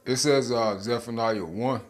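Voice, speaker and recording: A man's voice: medium pitch, unhurried, soft background music. Emphatic, slangy male bible teacher. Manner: emphatic, slangy, chuckling, repeats words. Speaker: bible teacher making videos. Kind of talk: informal scripture teaching.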